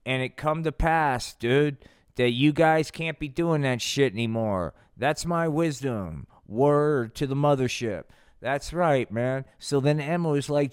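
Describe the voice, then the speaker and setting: A man's voice: mid-range voice, measured pace, smooth, dry recording, clean studio sound. A male podcast host telling a comic story in a loose, slangy, irreverent way. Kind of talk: casual comedy storytelling.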